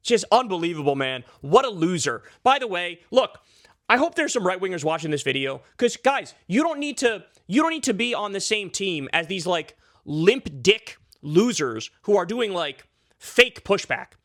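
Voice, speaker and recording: High-voiced profane ranting man. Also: very animated, normal speed, a bit bright, dry recording, studio quality. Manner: profane, sarcastic and heated, with many filler likes. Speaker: political commentator. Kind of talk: ranting political commentary vlog.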